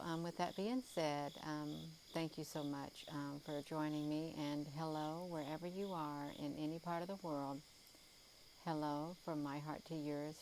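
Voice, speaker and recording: A low-pitched woman talks casually and sleepily to her live viewers, drifting through her thoughts with frequent ums and a folksy "you all". She is outdoors at night, with faint crickets and hiss behind her. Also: a little mellow, poor audio. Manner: rambling, full of ums and uhs. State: tired, yawning. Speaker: livestream host. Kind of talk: casual live sky-watching chat.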